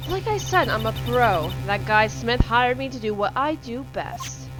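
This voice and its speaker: A woman's voice: a little high, expressive, unhurried. A woman reading as a smug scheming card dealer. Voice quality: failed attempt at a foreign accent. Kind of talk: reading game dialogue aloud. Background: game music.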